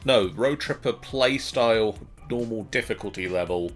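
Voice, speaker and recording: A man's voice: lowish voice, normal speed, faint music behind. A man co-hosting a casual let's play, chatting hesitantly with many ums and restarts. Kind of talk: casual gaming commentary.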